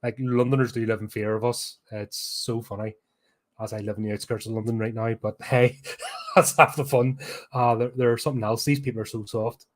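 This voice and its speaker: A Belfast man in full rant mode, tearing into a film with blunt sarcasm and plenty of swearing. His pitch sits mid-range for a man and his talk is casual and unscripted. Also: flat delivery, fairly quick. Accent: Northern Irish, Belfast. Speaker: podcast host, film reviewer.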